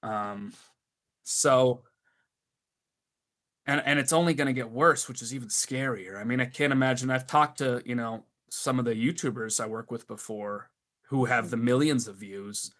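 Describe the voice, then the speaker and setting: This middle-aged man, a maker of creature puppets, guests on an easygoing podcast and relates his stories with exasperated energy. He speaks in a mid-range voice at a moderate pace.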